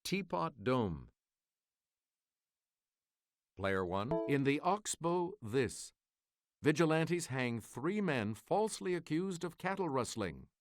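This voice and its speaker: A man hosting a quiz game, reading clues and answers in a crisp, measured announcer delivery. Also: fairly high pitch, sing-song, no echo. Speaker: quiz show host.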